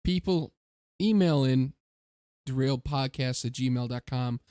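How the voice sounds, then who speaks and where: A man's voice: mid-range voice, measured pace, mellow, clean tone, no echo, clean studio sound. A young man co-hosting a podcast in casual, joking chat, sometimes slipping into silly impressions. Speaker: podcast co-host.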